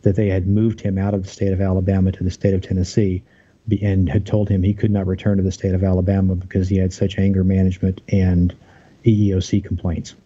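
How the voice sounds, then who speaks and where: A man's voice: deep voice, level tone, fast talker, mellow, slightly rough, dull audio. A man as an interview guest, earnestly telling his story of a workplace conflict, aggrieved, with many restarts.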